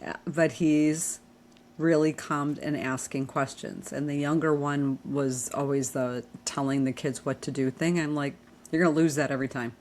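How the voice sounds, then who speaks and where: Low-voiced older woman telling family stories. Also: little pitch movement, measured pace, darkish tone, slight background noise. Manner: storytelling, acts out family dialogue. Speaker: podcast co-talker. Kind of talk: casual chat.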